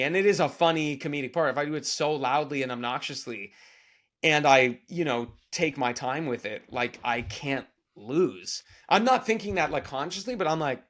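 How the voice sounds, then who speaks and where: A man telling a story as a podcast guest, casual and animated, with loud bursts when he acts out lines. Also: on the high side, moderate pace. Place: podcast studio.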